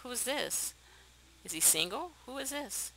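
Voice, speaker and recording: A young woman hosting a let's play, chatting to viewers in a chatty, excitable way and laughing often. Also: fairly high pitch, measured pace, noisy background. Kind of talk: casual gameplay commentary.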